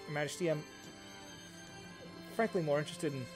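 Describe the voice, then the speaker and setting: A man's voice: a little high, a little fast, music in the background, pitched above the performer's own voice, lightly acted. A man voicing a nervous young male dwarf adventurer who stammers and talks politely.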